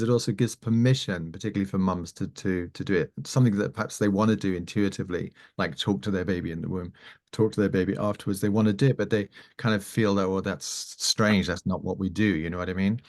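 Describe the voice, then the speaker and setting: A man hosting a live conversation, speaking hesitantly with frequent restarts and quiet affirmations. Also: lowish voice, quick pace. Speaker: host.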